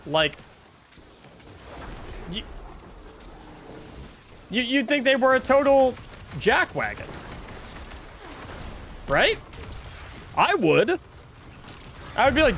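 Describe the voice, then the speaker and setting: A man's voice: sits high, sing-song, measured pace, pauses often, a bit bright, a little hiss or hum. A young man streaming, ranting in a casual, exasperated way, often restarting and repeating words. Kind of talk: casual livestream rant.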